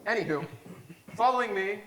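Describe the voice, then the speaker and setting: Animated young male stand-up comic. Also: high-pitched, moderate pace. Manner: animated storytelling, rambling asides. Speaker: stand-up comedian. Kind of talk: stand-up set. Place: comedy showcase stage. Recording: roomy echo, faint noise.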